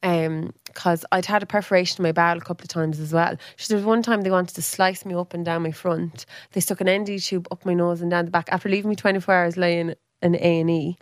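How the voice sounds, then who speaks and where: A woman's voice: steady tone, quick pace, hardly any pauses, dry recording, clean studio sound. Chatty woman in her thirties. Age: 30s. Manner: chatty, acts out quoted speech with big pitch jumps. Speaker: podcast guest. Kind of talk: casual storytelling.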